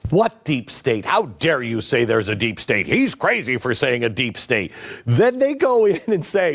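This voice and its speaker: A man's voice: medium pitch, sing-song, measured pace, creaky. A man hosting political commentary, talking in a sarcastic, mocking way.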